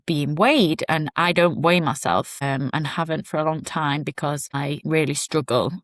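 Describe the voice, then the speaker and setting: A woman's voice: sits low, normal speed, no echo, clean studio sound. A young woman podcast host telling a personal story in a chatty, rambling way with asides.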